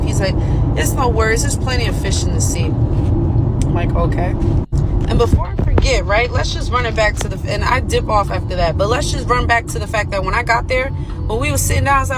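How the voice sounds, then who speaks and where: A young woman casually telling a dating story, animated and swearing freely as she acts out what was said. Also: medium pitch, very noisy.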